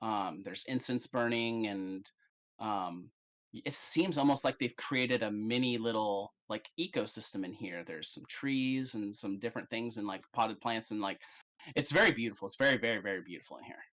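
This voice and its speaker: A man's voice: lowish voice, normal speed, a bit bright, poor audio. A man narrating as game master in a casual, rambling way with many fillers.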